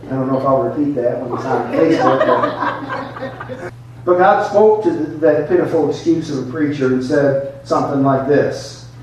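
A man's voice: medium pitch, moderate pace, a little mellow, slight background noise. A man preaching a sermon in a folksy, emphatic storytelling way. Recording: echoey hall, mic far off.

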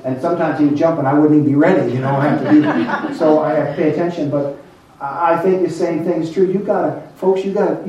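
An older man preaching a sermon as a pastor, calling on the congregation and slowing down to stress his points. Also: fairly high pitch, warm tone, slight background noise. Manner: preaching, calls on the congregation, slows down for emphasis. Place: church. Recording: echoey church hall, mic far off, dull.

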